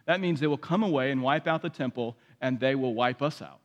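A man's voice: mid-range voice, brisk, few pauses, dull audio. A man preaching a sermon as pastor, reading scripture aloud with dramatic emphasis. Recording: long hall reverb.

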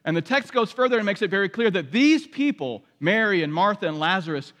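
A man's voice: high-pitched, animated, fairly quick, few pauses, a bit bright. A man preaching a sermon as pastor, reading scripture aloud with dramatic emphasis. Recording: long hall reverb.

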